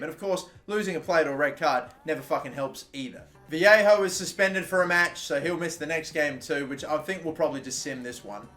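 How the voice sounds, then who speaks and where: A young Australian man giving exasperated, swearing commentary over his own football video game, with sudden loud outbursts. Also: on the high side. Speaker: gaming YouTuber. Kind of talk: gameplay commentary.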